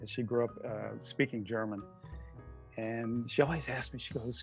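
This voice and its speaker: A man's voice: medium pitch, steady tone, normal speed, creaky, faint music behind. A man hosting a casual interview over a video call, chatty and jokey, with plenty of filler words. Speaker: host.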